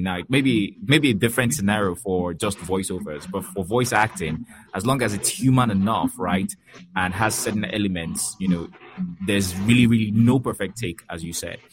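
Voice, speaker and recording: Low-voiced Nigerian-born interview host. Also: male voice. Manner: encouraging, frequent short affirmations. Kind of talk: conversational interview.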